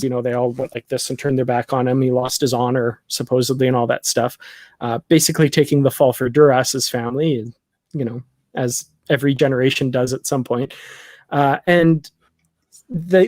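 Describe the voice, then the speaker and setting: A man's voice: fairly high pitch, darkish tone, no echo, studio quality. A man co-hosting a live discussion show, talking casually and rambling with lots of fillers. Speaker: podcast co-host. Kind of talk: casual chat.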